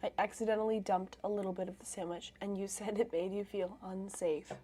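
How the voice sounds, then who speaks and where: A woman's voice: mid-range voice, steady tone, a little fast, mellow, a little hiss or hum. A woman chatting on a live stream, playful and teasing as she bickers back. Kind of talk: bickering livestream chat.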